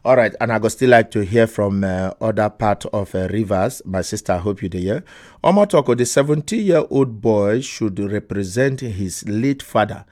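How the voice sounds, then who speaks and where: A man's voice: fairly low pitch, lively intonation, normal speed, a little mellow. A man with a Nigerian accent hosting a radio phone-in, reading listener messages and giving emphatic, scolding advice.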